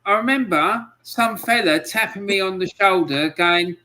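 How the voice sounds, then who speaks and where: Bright, high-voiced man reminiscing. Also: moderate pace, low-quality recording. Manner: chatty, reminiscing storyteller. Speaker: co-host of a fan podcast. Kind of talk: casual chat.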